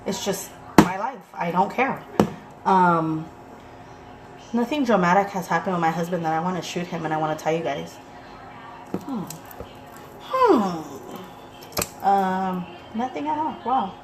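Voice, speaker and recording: A woman's voice: on the low side, noisy background. Chatty, blunt young mother vlogging. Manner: chatty, blunt, swears freely, acts out quotes animatedly. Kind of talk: casual chat to viewers.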